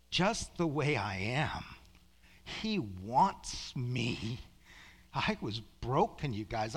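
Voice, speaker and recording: Earnest man preaching in an echoing hall. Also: on the high side. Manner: earnest, slows to hushed near-whispers at moments. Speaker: preacher sharing a testimony. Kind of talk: emotional testimony to a congregation.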